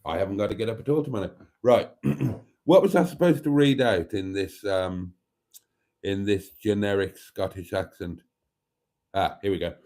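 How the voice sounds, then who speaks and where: A man's voice: on the low side, normal speed, a little mellow. A man hosting a casual livestream, chatting and reading out viewers' comments in a chatty, theatrical way that calls them darlings. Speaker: livestream host.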